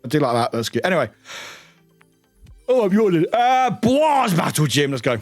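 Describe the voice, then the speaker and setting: A tired British man hosts a live stream, his fairly high voice jumping all over in pitch. He rambles excitably and swears casually. Faint music plays behind him. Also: normal speed, dry recording. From United Kingdom. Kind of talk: casual livestream chat.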